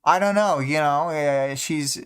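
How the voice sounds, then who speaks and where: A man's voice: a little high, a little slow, clear, resonant tone. A man hosting a casual book discussion stream, rambling with many fillers and humming to himself between thoughts. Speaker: podcast host.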